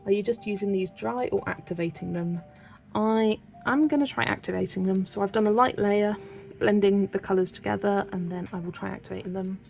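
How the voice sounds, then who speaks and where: A woman's voice: medium pitch, fairly even intonation, brisk, gravelly, darkish tone, soft background music. A young British woman with a British accent, chatting casually and giggling while she colours on a livestream and reads out viewer comments. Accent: British English. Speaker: colouring channel host.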